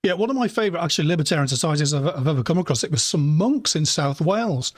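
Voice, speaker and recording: A man's voice: on the high side, animated, quick pace, dry recording, studio quality. A man hosting a podcast interview, asking rambling, chatty questions with plenty of fillers. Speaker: podcast host. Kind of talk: conversational interview.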